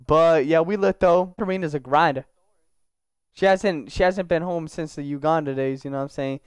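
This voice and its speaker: High, smooth-voiced young man joking over a game. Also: normal speed, dry recording. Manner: slangy, joking, talks to his game characters. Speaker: gaming YouTuber. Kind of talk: casual gameplay commentary.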